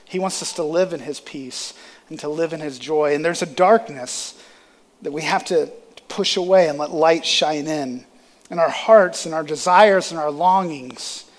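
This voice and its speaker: A man preaching a sermon, calling out to his congregation with rising emphasis. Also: on the high side. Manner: preaching with rising emphasis and audience call-and-response.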